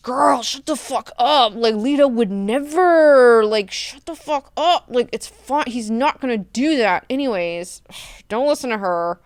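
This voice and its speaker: A blunt, impatient older woman envoy who swears freely and brushes others off , as a woman voices her in a recap. She sits a little higher than the speaker's normal voice and sounds clear and close. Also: a little slow, no room sound. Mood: exasperated. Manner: blunt, exasperated, profane.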